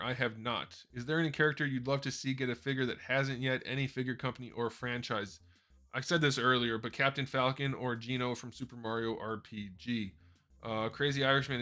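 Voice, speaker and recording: A man's voice: mid-range voice, fairly bright tone. A man hosting a casual live question-and-answer stream, talking into a desk microphone in a rambling, self-correcting way. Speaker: host answering viewer questions. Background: faint background music.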